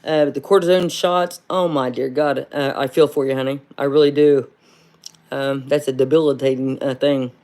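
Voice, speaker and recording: A woman from hosting a casual livestream and answering viewer comments. She speaks bluntly, fills pauses with "uh", and calls everyone "honey". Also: very deep voice, steady tone, dark tone. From southern Ohio. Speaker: livestream host.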